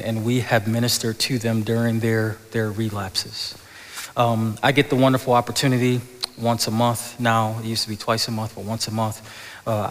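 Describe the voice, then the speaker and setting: A man's voice: on the low side, fairly bright tone. A man preaching a sermon as pastor, often stammering and restarting words, then building to impassioned peaks. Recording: long hall reverb.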